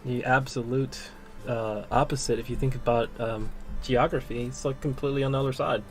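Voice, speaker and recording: A man's voice: mid-range voice, steady tone, fairly quick, soft background music. A man hosting a livestream, chatting in a friendly way, laughing often and repeating himself. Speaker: livestream host. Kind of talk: casual livestream chat.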